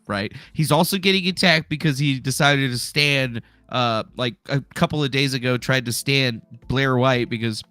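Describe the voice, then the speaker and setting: A man's voice: medium pitch, pushed and bright, no room sound. A man hosting a casual commentary stream, rambling, sarcastic and profane. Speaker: streamer host.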